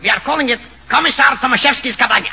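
An actor playing a pompous, boastful Russian stage actor in a mock Russian accent, grandly calling himself by name in a 1930s radio comedy. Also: male voice, very high-pitched, very fast, vocal fry, dull audio, full character voice. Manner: grandiose, speaks of himself in third person. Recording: hissy 1930s radio recording.

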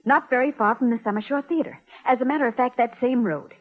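An actress playing an anxious young wife calling for help in a 1940s radio soap, in a tinny old broadcast. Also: female voice, a little high, fast talker, natural voice. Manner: pleading, worried.

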